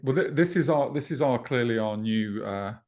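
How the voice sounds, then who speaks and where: A man's voice: mid-range voice, animated, moderate pace, darkish tone. A man co-hosting a casual podcast, chatting and teasing his co-host in a dry way.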